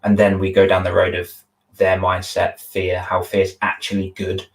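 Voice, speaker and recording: A man's voice: deep voice, completely flat delivery, moderate pace, gravelly, low-quality recording. A man, a confidence coach hosting a video-call interview, telling stories earnestly and with feeling, often restarting his sentences. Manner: earnest, emotional storytelling with many restarts. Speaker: confidence coach, podcast host. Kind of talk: conversational interview, storytelling.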